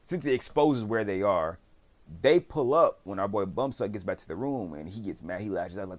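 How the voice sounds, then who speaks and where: A man's voice: fairly low pitch, expressive, normal speed, darkish tone. A man casually recapping a TV series, rambling in slang and acting out what the characters say. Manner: slangy, rambling storyteller who acts out quotes. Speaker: drama reviewer.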